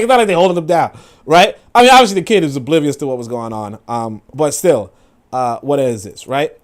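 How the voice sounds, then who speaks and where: A young adult man hosting a casual, profane commentary stream and reading comments aloud. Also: a little high. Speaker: show host.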